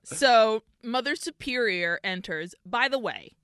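A woman talks with a bright, crisp voice, recorded close and dry. She is co-hosting a podcast and recapping a horror film in relaxed chat. She is animated and profane, slipping into the characters' lines as she goes. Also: fairly high pitch, measured pace, dry recording. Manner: animated, swearing, acts out characters in quotes. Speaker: podcast co-host.

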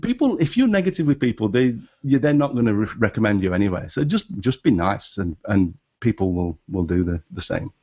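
A man with a non-American English accent talks through his point on a podcast, restarting often and rising in pitch when he gets animated. His voice sits low, and the audio is dull and lo-fi. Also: slightly rough. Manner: animated, halting with many restarts. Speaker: podcast guest. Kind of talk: casual podcast discussion.

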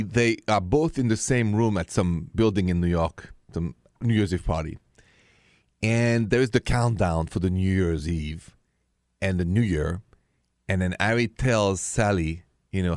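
A man's voice: on the low side, no room sound, studio quality. French-accented man hosting late-night radio. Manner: warm-hearted, chatty, repeats the phone number slowly. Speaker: radio host.

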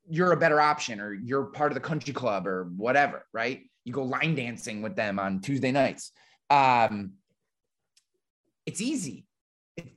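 A man's voice: fairly high pitch, a bit bright. A man who runs an insurance agency and hosts a podcast, teaching on a live webinar in a casual, blunt way with lots of fillers and the odd swear word. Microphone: remote webinar call.

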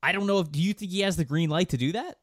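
A man's voice: sits high, very fast, no echo, clean studio sound. A man co-hosting a casual sports podcast, making emphatic points and firing rhetorical questions. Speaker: podcast co-host.

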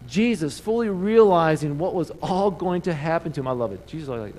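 Animated preaching man, slightly high voice. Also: brisk, hardly any pauses, slight background noise, rough recording. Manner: animated preaching with call-and-response. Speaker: pastor. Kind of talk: sermon. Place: church sanctuary.

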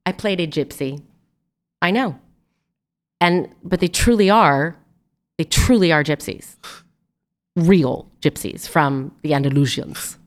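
A young adult woman telling a lively story to a host in a casual chat, laughing often. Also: deep voice, slow pace, long pauses. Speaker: guest. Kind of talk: casual anecdote.

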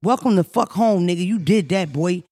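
A woman from Philadelphia with a Philly accent, hosting a podcast in brash, profane, animated casual chat. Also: lowish voice, normal speed, no room sound, clean studio sound. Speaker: podcast host.

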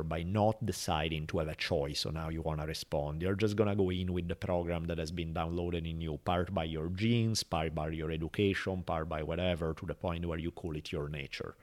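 A man's voice: deep voice, normal speed, few pauses. A man hosting a podcast, talking casually and acting out quoted speech as he tells a story. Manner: animated, acts out quotes and voices in a story. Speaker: podcast host.

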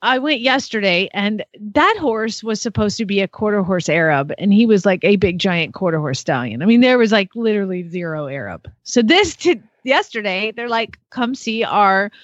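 A woman hosting a casual podcast who tells horse stories animatedly, with quick asides. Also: mid-range voice, very animated, dry recording, highs cut off. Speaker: podcast host and horse trainer.

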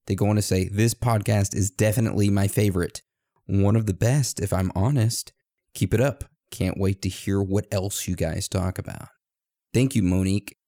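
Gravelly low-voiced man, playful podcast host. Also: fairly even intonation, moderate pace, mellow, no room sound, clean studio sound. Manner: playful, joking, goes off on silly tangents. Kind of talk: casual chat reading listener reviews.

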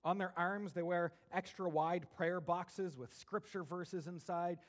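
High-voiced male pastor preaching animatedly. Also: unhurried. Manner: animated preaching, swings between soft asides and raised emphatic bursts. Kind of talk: sermon.

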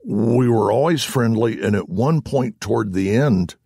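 A man, a voice actor guest on an interview show, telling stories in an animated, self-deprecating way and laughing along as he goes. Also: fairly low pitch, a little slow, creaky, slightly rough, no echo, studio quality. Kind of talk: anecdotal storytelling in conversation.

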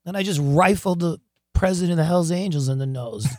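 A man guest in an interview, telling wild stories in an animated, excitable way, laughing often and acting out what people said. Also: a little high, a little fast, dry recording, studio quality. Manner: animated, excitable storyteller who laughs often and acts out quotes. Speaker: guest, rock singer. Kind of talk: storytelling interview.

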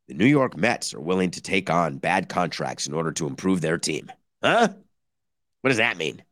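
A man's voice: low voice, animated, fairly quick, a bit bright, no echo, clean studio sound. A man hosting a baseball podcast, talking in sarcastic bursts and acting out mock conversations between teams. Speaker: podcast host. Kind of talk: animated baseball commentary.

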